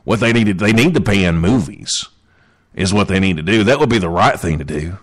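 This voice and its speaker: A man voicing a grumbling ranter in a put-on accent, talking low and muttering. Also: animated, a little fast. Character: grumbling man ranting against movies.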